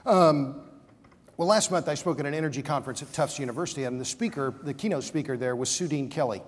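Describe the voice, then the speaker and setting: Man, high-ish voice, combative debate panelist, stumbles when heated; long hall reverb. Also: fast, breathy edge. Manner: combative, emphatic, stammers when worked up. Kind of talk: conference debate argument. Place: conference hall.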